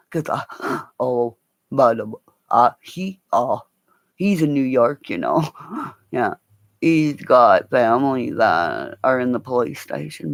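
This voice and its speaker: A woman's voice: a bass voice, lively intonation, a little slow, vocal fry, no room sound. A woman hosting a live stream, telling long rambling stories with swearing and frequent slips into mimicking other people's voices.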